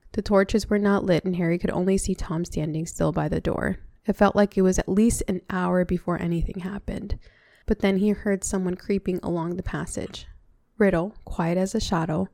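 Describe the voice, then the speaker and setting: A woman's voice: on the low side, vocal fry, darkish tone, no room sound, studio quality. A woman reading a novel aloud, breaking off now and then for chatty comments. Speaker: reader.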